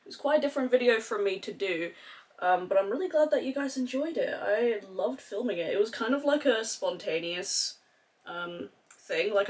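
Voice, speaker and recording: A young woman with an accent mixing Australian and English, chatting casually and swearing freely while doing her makeup on camera. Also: fairly high pitch. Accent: mix of Australian and English. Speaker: beauty vlogger. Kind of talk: casual makeup tutorial chat.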